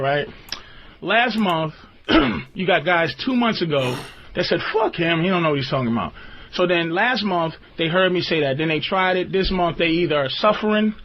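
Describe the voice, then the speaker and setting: On a dull, lo-fi radio broadcast with a slight hiss or hum, a man hosts a call-in show. He rants comically and profanely, breaking into high, squeaky outbursts and laughing a lot.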